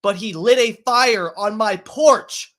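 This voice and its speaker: A man with a notably high voice tells a story casually on camera. He rambles, swears constantly and gets animated as he goes. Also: slow. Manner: rambling, profanity-laced, animated. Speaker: vlogger.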